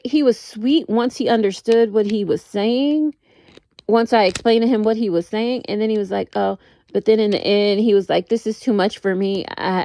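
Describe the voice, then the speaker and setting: A US vlogger tells dating stories in a rambling, casual monologue, packed with "like" and repeated restarts. She has a gravelly, warm voice in the mid range.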